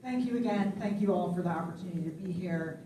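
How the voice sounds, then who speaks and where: A woman's voice: fairly low pitch, fast, mellow, distant mic. Firm-voiced woman candidate in an echoey hall. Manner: firm, assertive. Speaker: county commissioner and candidate. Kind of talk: campaign stump speech. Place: public forum hall. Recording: echoey room with audible noise.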